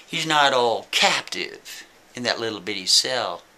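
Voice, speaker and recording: Animated, chatty male storyteller. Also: medium pitch, unhurried. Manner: animated, chatty, chuckling asides. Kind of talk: casual spoken storytelling.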